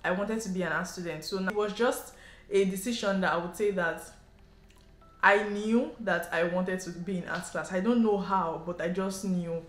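A woman from Nigeria with a Nigerian English accent, telling a story to camera in a chatty, animated way and sprinkling in local slang. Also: on the low side, moderate pace. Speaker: vlogger. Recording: roomy echo, faint background music.

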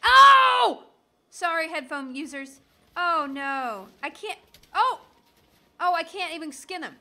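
A woman's voice: sits high, expressive, a little slow, bright, forceful tone. A woman from the southern United States giving chatty, jokey commentary while playing a video game. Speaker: gaming streamer. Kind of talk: casual gameplay commentary.

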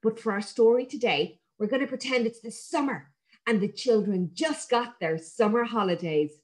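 A woman reading a picture book aloud to young children, warm and expressive. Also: fairly high pitch, normal speed.

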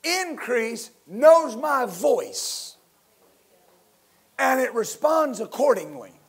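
A man preaching a sermon as pastor, building to loud emphatic bursts and leading his listeners in call-and-response. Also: very high-pitched, very animated, very slow, slightly rough.

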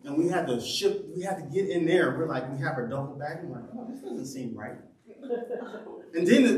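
A man preaching in a church, his voice high and swinging between quiet asides and loud outbursts as he acts out his own story. He laughs often as he talks. The sound is roomy and echoing, picked up from some distance. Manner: animated, laughing storyteller who acts out quotes. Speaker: pastor. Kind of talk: sermon with personal storytelling. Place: church sanctuary. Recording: roomy echo from a distant mic.

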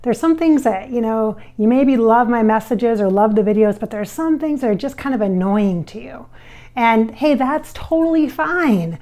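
A woman's voice: on the high side, lively intonation, normal speed, dark tone. A woman from the American Midwest who channels spirits, talking casually to camera on a microphone about viewer comments, chatty and reassuring with fillers and restarts. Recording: recorded on a microphone.

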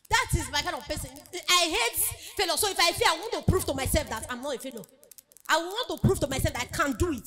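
Music plays in the background as a woman with a very high voice preaches, animated and brisk, at a women's conference. Her motivational sermon is emphatic, and she acts out the voices of the people she describes.

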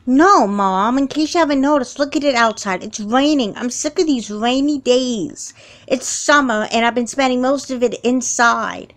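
A woman's voice: sits high, moderate pace, close to an everyday voice. A woman voicing a sulky young girl. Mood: irritated. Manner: sighing, sarcastic complaints. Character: moody young girl, sulky and easily frightened. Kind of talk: doll film voice acting.

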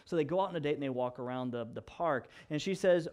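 A young adult man, a pastor, telling stories in an animated sermon that moves from hushed to loud. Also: a little high, brisk, few pauses. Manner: animated storyteller, swings from hushed to loud and laughing. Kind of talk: storytelling sermon.

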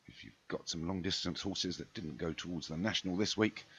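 A man's voice: deep voice, fairly quick, background noise. A man commenting on a simulated horse race in a chatty, jokey way, often correcting himself. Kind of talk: amateur horse racing commentary over a game. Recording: dull lo-fi sound with loud music.

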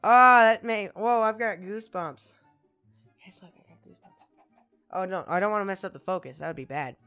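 A young man giving goofy let's play commentary, exclaiming loudly and slipping into whispered sneaky asides. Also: sits high, a little fast, clean tone, soft background music. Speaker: gaming video host.

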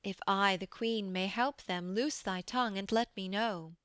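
A woman's voice: medium pitch, unhurried, fairly bright tone, clean tone, no echo, studio quality, lightly acted. A woman reading a gracious, questioning queen. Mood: concerned. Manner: courtly and questioning. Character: regal queen, gracious yet uneasy.

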